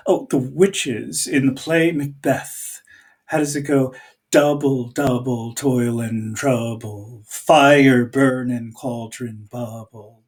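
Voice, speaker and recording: A man's voice: medium pitch, far from the mic. A man teaching a recorded video lesson, thinking aloud as he searches for words and chanting the beat of the lines aloud.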